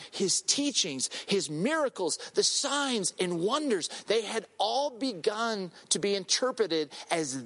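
A middle-aged man preaching as a guest pastor, telling personal stories in an animated way and acting out the voices of the people in them. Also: high-pitched, takes it slowly. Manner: animated storyteller, acts out voices in quotes.

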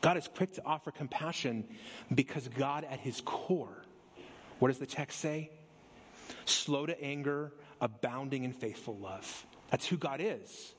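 A male pastor preaching a sermon in a church, speeding up and slowing down for emphasis and rising sharply on key words. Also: mid-range voice, slight background noise. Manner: preaching with sweeping shifts of pace and emphasis. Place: church sanctuary.

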